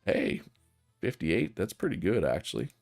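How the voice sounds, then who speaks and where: Deep-voiced chatty male game streamer. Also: big pitch swings, moderate pace, creaky, soft background music. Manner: chatty, thinks aloud, frequent fillers and restarts. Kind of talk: casual gameplay commentary.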